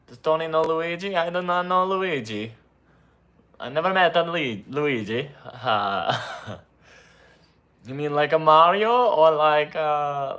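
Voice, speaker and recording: A man voicing a mustached Italian video editor with a put-on Italian accent, rambling and defensive with many hesitations. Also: muffled recording. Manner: loud, higher, rambling with many uhs.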